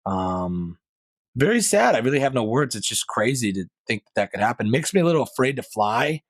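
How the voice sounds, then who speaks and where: A man's voice: medium pitch, big pitch swings, fairly quick, no echo. A man hosting his own podcast, talking through the week's news in a loose, rambling way with plenty of fillers and asides. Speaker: podcast host. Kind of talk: casual solo commentary.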